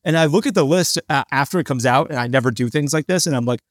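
A man's voice: on the high side, fast, no echo, clean studio sound. A man co-hosting a business podcast in casual chat, sarcastic and fond of mocking people by putting on their voices. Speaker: podcast co-host.

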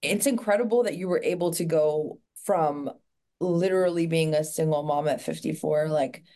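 A woman's voice: low-pitched, normal speed, warm tone. A woman hosting a podcast interview, praising her guest effusively and asking open questions. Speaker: podcast host.

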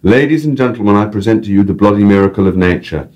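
A man putting on an excitable Northern English bird-show guide. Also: on the low side, fast talker, voice pushed up, natural voice. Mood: excited commentary. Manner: exclaiming, commentating on a microphone. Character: red-faced ginger male bird-show guide, excitable and crude. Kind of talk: reading an excerpt aloud.

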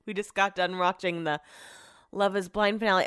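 A sarcastic, chatty woman talks casually from home as a vlog host, swearing freely. Her voice sits at a middling pitch and is recorded dry and close, with no room echo. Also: slow pace, long pauses, clean tone. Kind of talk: casual chat.

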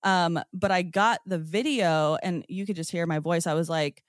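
A woman guest on a podcast, telling her own story in a casual, excited way, with lots of "like" and "um". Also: fairly low pitch, a little slow, hardly any pauses, no room sound, clean studio sound. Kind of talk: casual first-person storytelling.

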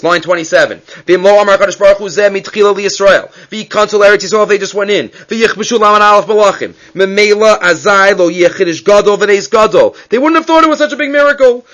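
A Torah teacher leads an evening text study class, reading passages aloud and then explaining them through rhetorical questions. His voice is high and a bit bright.

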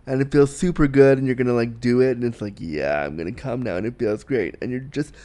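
A man's voice: mid-range voice, fairly even intonation, fast, mellow. A man hosting a casual solo podcast, talking candidly and bawdily in a rambling way with restarts and giggles. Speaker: podcast host.

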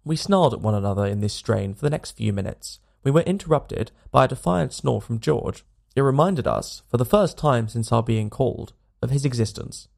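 A man reading a classic novel aloud as a bedtime story host, with calm, expressive narration. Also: medium pitch, normal speed, vocal fry. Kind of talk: audiobook narration.

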